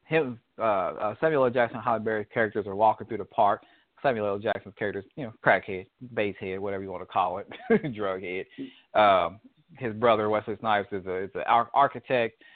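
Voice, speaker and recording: A man telling a rambling story in a relaxed, casual chat. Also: on the low side, brisk, no room sound. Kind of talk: casual chat about a movie. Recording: dry tinny phone line.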